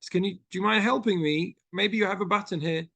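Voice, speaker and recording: A British man voicing a gentle, patient old sage in a story he tells during a class. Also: sits high, fairly quick, gravelly, no room sound, pitched above the performer's own voice, heavily acted. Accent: British English.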